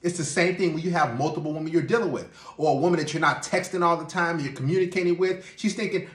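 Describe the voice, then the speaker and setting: A man's voice: fairly high pitch, fast talker, few pauses, a bit bright, echoey room. A man hosting a podcast, giving dating advice in a direct, instructive way. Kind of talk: podcast commentary.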